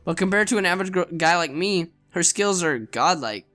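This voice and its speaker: A man's voice: sits high, lively intonation, fairly quick, sharp tone, soft background music. A man narrating a visual novel aloud in first person, reading earnestly and expressively with small stumbles.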